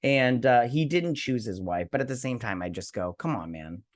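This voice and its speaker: A man's voice: mid-range voice, expressive, moderate pace. Rambling man recapping an episode. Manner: rambling, enthusiastic, lots of fillers and restarts. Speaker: TV review show host.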